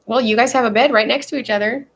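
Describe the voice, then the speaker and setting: A woman's voice: on the high side, fairly even intonation, fast talker, slight background noise. A young adult woman vlogging in casual chat, rambling and swearing freely, with lots of fillers. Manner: rambling and profane, with frequent fillers.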